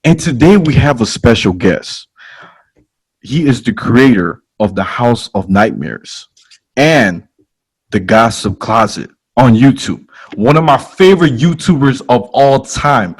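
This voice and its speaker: A man with a Chicago accent hosts a casual podcast, joking and hyping things up with street slang. His voice sits at an ordinary middle pitch. He tells stories in a loose, animated way. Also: unhurried, husky. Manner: playful, hype storytelling with laughs and slang. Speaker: podcast host.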